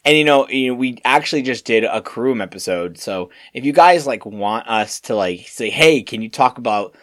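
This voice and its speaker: A young man co-hosting a podcast, telling work stories in a rambling, animated way with lots of fillers and restarts. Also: medium pitch, moderate pace. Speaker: podcast co-host. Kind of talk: casual storytelling chat.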